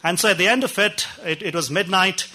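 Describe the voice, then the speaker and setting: A man preaching a sermon, telling anecdotes in an unhurried, conversational way with frequent pauses and fillers. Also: sits high, sharp tone. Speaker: pastor. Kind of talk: sermon storytelling.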